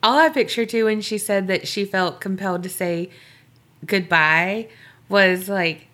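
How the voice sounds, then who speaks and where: A woman co-hosting a podcast, bantering with quick laughs and reading a listener's email aloud. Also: medium pitch. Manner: giggly, animated, quick banter. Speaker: podcast co-host.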